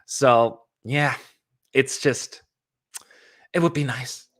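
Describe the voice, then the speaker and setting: Chatty man with rambling livestream talk. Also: very slow. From California. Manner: chatty, rambling, animated with sudden pitch jumps. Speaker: host of a fan channel livestream. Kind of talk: casual livestream chat.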